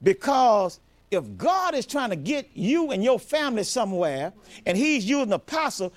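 Pastor, man, high voice, very animated pitch, emphatic repetitive sermon. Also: normal speed. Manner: emphatic, repetitive preaching with many restarts.

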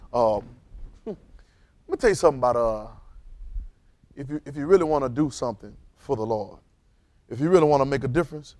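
A man preaching with a fairly high voice that keeps rising into loud, emphatic bursts before dropping back down. He repeats his lines and has the congregation echo him back. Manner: calls on congregation to repeat phrases. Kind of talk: sermon.

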